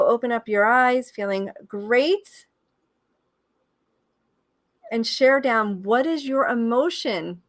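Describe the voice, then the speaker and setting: A woman coach guides a live online session in a fairly high voice, close and dry on the mic. She coaxes people through the exercise and often breaks into whoops of enthusiasm. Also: slow, long pauses, no echo. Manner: coaxing guided-exercise delivery. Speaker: life coach.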